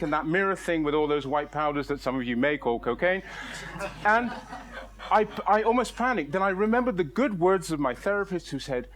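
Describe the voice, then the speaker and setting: Animated middle-aged man telling a comic story. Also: sits high, a little fast. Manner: animated, exaggerated, laughs through his own lines. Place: storytelling stage.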